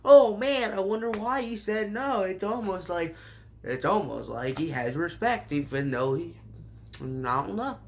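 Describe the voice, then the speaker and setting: A man recapping an anime season in a sarcastic, rambling way, with sudden jumps in pitch. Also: lively intonation, measured pace. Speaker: anime reviewer.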